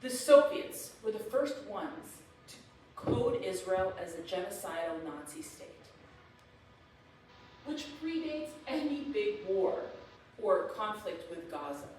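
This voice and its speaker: Female guest lecturer, animated and emphatic, mid-pitched voice, distant mic in an echoey hall. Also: slow, a little hiss or hum. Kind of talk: public lecture with slides. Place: event hall.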